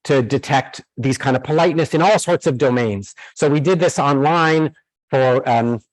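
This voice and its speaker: A man's voice: medium pitch, normal speed, no room sound, poor audio. Man giving a university lecture. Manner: explanatory, with many fillers and restarts.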